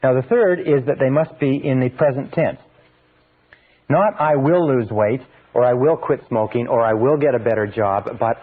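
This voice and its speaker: A man giving a motivational self-help lecture in an earnest, repetitive manner, dropping his voice low and slow when he models affirmations. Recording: tinny phone-like audio.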